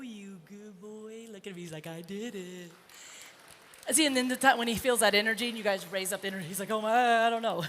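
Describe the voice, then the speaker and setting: This woman's voice is mid-range and a bit bright. She's a horse trainer running a live arena demonstration, offering encouragement to her colt and chatting with onlookers, and the big indoor arena echoes with faint noise.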